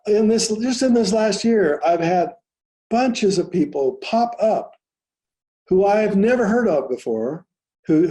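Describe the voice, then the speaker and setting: An older man, a guest author in an interview, speaking in a measured, humble way. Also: a little high, dark tone. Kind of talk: interview conversation.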